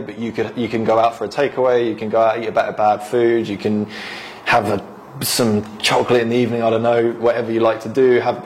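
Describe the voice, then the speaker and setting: A man co-hosting a casual podcast, giving relaxed health advice and laughing often. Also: mid-range voice, a little hiss or hum. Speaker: podcast co-host, health coach.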